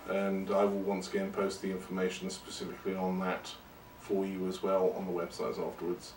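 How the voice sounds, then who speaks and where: A man hosts his podcast in a loose, rambling monologue, poking fun at himself as he goes. His voice sits on the low side. The sound is roomy, as if he is some way off the mic, with a faint hiss behind. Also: completely flat delivery, brisk, a little mellow, distant mic. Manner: rambling and self-deprecating. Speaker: podcast host. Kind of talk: casual monologue.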